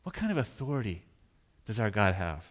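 A man preaching a sermon as pastor in a church, animated, acting out panicked voices. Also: lowish voice, fairly quick.

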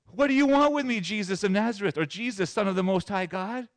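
A man preacher voicing a wild, tormented demon-possessed man with high strained cries. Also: brisk, no echo. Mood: frantic.

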